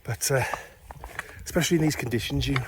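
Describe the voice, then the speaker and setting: A man's voice: medium pitch, fast talker, slight background noise. A man, chatting casually into a handheld phone outdoors on a hillside, rambling and self-deprecating. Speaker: amateur radio vlogger. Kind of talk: casual hiking vlog narration.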